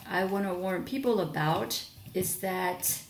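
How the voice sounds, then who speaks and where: A woman's voice: fairly low pitch, unhurried, roomy sound, a little hiss or hum. A young adult woman chatting casually in a rambling product review vlog, sleepy and full of fillers and restarts. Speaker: vlogger.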